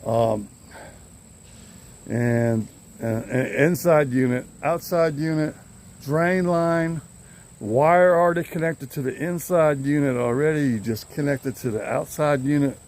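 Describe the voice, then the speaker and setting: A man's voice: a little high, measured pace, darkish tone. An older man, vlogging casually to his phone camera outdoors in his yard. He rambles in an easygoing way and chuckles often. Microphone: handheld phone camera.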